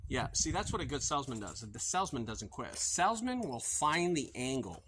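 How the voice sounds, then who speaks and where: Middle-aged man, casual vlog outdoors, lively up-and-down voice, acts out dialogue, faint background noise. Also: medium pitch, a little fast. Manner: animated storytelling, acting out both sides of conversations. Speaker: junk removal business owner. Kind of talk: casual talking-to-camera vlog.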